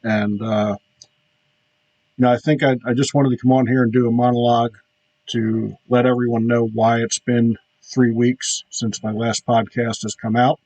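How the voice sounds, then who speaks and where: A man hosting his podcast, talking through a reflective solo monologue with frequent pauses and fillers. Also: mid-range voice, flat delivery, a little mellow, dry recording, low-quality recording. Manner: reflective, halting with many fillers. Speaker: podcast host.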